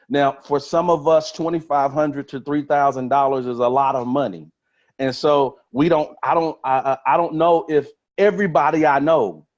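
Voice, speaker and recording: Pumped-up man preaching on a webinar. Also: fairly high pitch. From Texas. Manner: energetic, repeats phrases for emphasis. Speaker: motivational speaker on a trading webinar. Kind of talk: motivational webinar talk. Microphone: webinar call mic. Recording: slightly dull lo-fi webinar audio.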